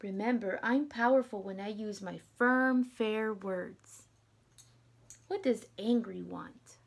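A young woman teacher reading a picture book aloud to children, gentle and dropping to whispers, asking them questions. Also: medium pitch, takes it slowly, gravelly.

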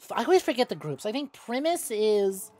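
A young woman streaming a game, chatting casually with viewers, excitable and quick to swear. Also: a little high. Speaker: VTuber streamer. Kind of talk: casual gameplay stream chat.

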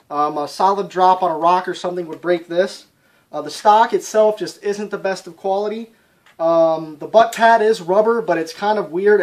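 A man casually reviewing an airsoft rifle for his channel, talking plainly with lots of ums and sounding a little out of breath. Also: high voice. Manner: chatty, frequent ums, plainspoken. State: slightly out of breath.

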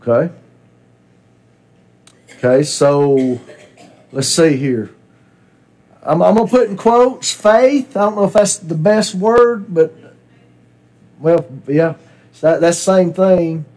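A man, his voice pitched high for a man, teaches a church Bible class. He talks in a relaxed, conversational way, puts questions to the group and repeats back what they say. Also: slow, long pauses.

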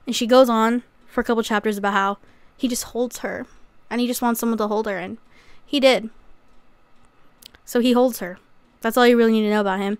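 A woman's voice: fairly high pitch, fairly even intonation, brisk, long pauses, smooth, no echo. A young woman recapping a memoir in a casual, chatty way, with sarcastic asides and acted-out quotes. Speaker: YouTuber.

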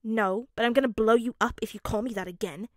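Lady doing a bossy grumpy little kid, kinda high, loud and pushy. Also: lively intonation, normal speed, no echo, clean studio sound. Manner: blunt, grumbling, insult-prone. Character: stubborn bossy little boy, grumbling. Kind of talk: fanfic audiobook reading.

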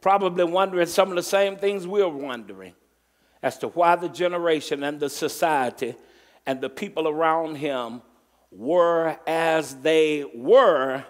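Slow emphatic preacher in a reverberant hall. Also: male voice, a little high. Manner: emphatic preaching, drawn-out stressed words, call and response. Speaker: pastor. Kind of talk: sermon. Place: church sanctuary. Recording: long reverb from a large hall.

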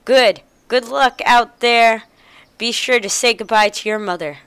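A woman's voice: fairly high pitch, a little slow, a bit bright, clear, resonant tone, dry recording. A woman reading out the lines of a father saying goodbye to his child in a video game. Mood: plain. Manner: read aloud from game dialogue. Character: gruff father handing down heirloom.

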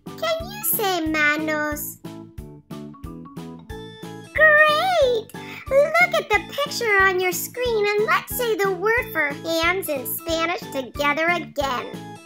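A woman doing a squeaky cheerful girl puppet. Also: full character voice. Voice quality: sing-song, bouncy and encouraging. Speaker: teacher. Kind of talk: children's puppet lesson. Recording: children's music playing behind.

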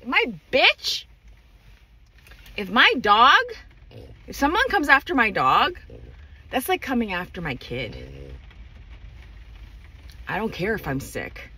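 A woman's voice: a little high, very animated, slow pace, long pauses, bright, forceful tone, breathy edge. A woman ranting furiously to camera, swearing a lot and hammering her points home. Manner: furious, profane, emphatic. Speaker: vlogger. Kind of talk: angry rant to camera.

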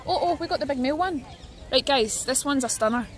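A young Scottish woman with a high voice chats excitedly to birds and her viewers while she walks through a park. She streams on a handheld phone, so there is clear noise behind her voice outdoors. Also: fairly quick. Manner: chatty and excitable, talking to birds and chat. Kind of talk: casual outdoor stream chat.

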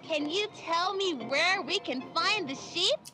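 A cheery cartoon girl host, very high, bouncy, slow teacherly lilt, game music under. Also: lively intonation, sharp tone, a little hiss or hum, heavily acted. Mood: cheerful.

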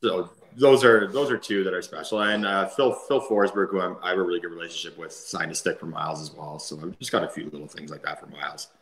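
Low-voiced Canadian man telling stories. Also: fast, few pauses, reverberant, low-quality recording. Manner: animated anecdotes full of fillers and laughter. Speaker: guest, former hockey player. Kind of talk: casual storytelling.

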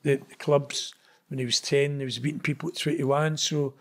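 A man's voice: on the high side, normal speed. A man with a Glaswegian Scottish accent, telling a story as an interview guest and acting out the dialogue. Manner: animated, acts out quoted dialogue. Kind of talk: casual storytelling.

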